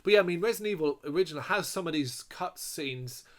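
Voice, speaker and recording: A man's voice: on the high side, lively intonation, fast talker. A man co-hosting a casual chat, blunt and opinionated, with plenty of swearing. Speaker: podcast co-host.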